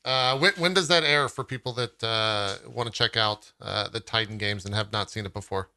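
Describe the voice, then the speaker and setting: A man's voice: fairly low pitch, moderate pace, pushed and bright, smooth. A man hosting a casual podcast, prompting his guest with questions and light teasing. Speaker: podcast host.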